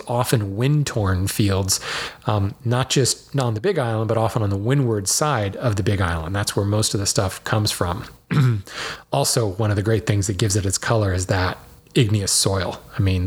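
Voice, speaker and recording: A man's voice: fairly low pitch, husky. A man hosting a podcast, answering listener mail in a chatty way that often wanders off on side tangents. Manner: rambling, digressive, chatty. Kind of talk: casual podcast talk.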